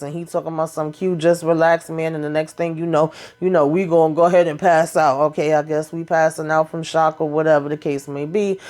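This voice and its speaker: Sassy female recap host with a lowish voice, chatty, acts out the lines. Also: darkish tone. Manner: sassy, talks to the characters, acts out the dialogue. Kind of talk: casual TV episode recap.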